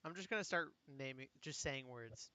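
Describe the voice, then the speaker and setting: A man's voice: medium pitch, expressive, moderate pace, a crowd in the background. A man talking as a player in a tabletop game, joking and casual.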